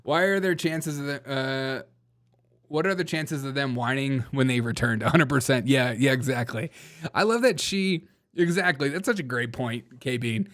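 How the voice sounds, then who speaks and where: A man's voice: mid-range voice, normal speed, a bit bright. A man with a Southern US accent hosting a comedy news show, rambling and laughing often at his own jokes. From Southern United States. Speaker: host.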